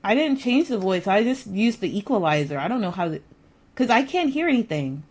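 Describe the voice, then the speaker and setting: A woman streamer talks casually to her chat in a mellow, warm-toned voice of middling pitch. She rambles and repeats herself, a little exasperated as she fiddles with her settings. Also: big pitch swings, fairly quick, slightly rough, low-quality recording. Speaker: live streamer.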